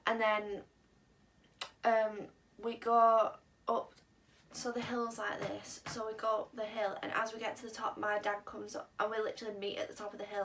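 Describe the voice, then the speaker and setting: Gravelly yet fairly bright, her medium-pitched voice carries a casual, rambling personal story told vlog-style. The young vlogger fills it with "um" and "like," recorded through a slightly distant mic over a faint hiss.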